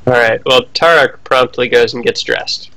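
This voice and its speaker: A man's voice: mid-range voice, moderate pace, pushed and bright, dry recording, low-quality recording. A man playing a tabletop game, narrating his character's actions with jokes. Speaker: player.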